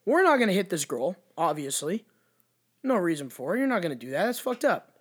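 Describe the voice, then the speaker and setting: A man with a notably high voice spins a story in a casual chat. He swears freely and leans hard on his words, animated and emphatic throughout. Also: a little fast.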